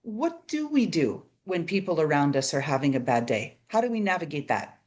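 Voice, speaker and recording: A woman hosting a podcast, chatting in an animated way and tossing in quick "right?" asides. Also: deep voice. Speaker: podcast host. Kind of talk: casual podcast chat.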